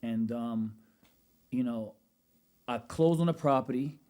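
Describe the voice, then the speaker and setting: A man's voice: mid-range voice, slow, mellow, clean tone. A man from Brooklyn with a New York accent, a podcast guest in his thirties, telling stories in casual slang and often saying "you know what I'm saying". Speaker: podcast guest, rental business owner.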